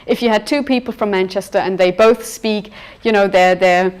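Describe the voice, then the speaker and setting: A woman's voice: mid-range voice, normal speed, a little mellow, clear, resonant tone. A woman teaching a university film seminar over a video call, talking conversationally with frequent fillers and self-corrections. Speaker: university lecturer. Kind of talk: seminar lecture with discussion.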